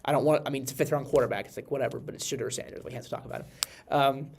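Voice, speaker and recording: A congested, slightly nasal man hosts a podcast, talking casually about football in a mid-range, gravelly voice at a rapid-fire pace. He rambles in an animated way and keeps restarting his sentences.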